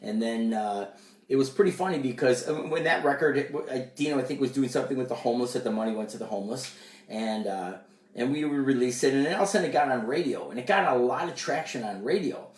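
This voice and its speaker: Casting: male musician-producer, lively storyteller, echoey room, mic a bit distant. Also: fast. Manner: animated, acts out quoted voices higher. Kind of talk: casual storytelling chat.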